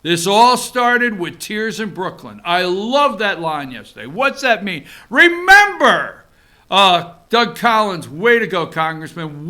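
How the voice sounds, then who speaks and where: Male talk host, very high bright voice, brash animated ranting commentary. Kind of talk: opinionated political commentary. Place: office.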